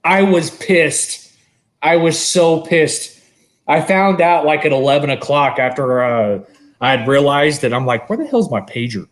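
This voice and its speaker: A man co-hosting a podcast, telling a long story in casual, animated chat and swearing freely. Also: on the high side, a little slow. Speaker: podcast co-host.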